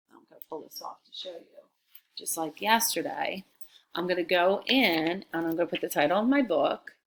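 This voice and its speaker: A woman teacher reading a chapter book aloud and explaining it to her students in a remote lesson. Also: low voice. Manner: chatty, explanatory, expressive reading.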